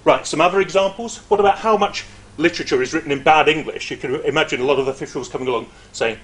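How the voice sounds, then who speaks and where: A middle-aged man, a university lecturer, giving an informal academic presentation in a lively, chatty way with frequent hesitations and asides. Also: on the high side, quick pace.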